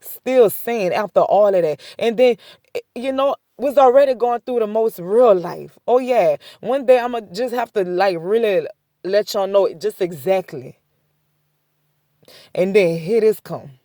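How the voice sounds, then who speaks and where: A woman's voice: medium pitch, a little slow, mellow, no echo, studio quality. A woman sharing a casual spoken faith testimony, talking conversationally, repeating herself and chuckling between points. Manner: repetitive, conversational storytelling with many "I said" asides. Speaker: faith vlogger.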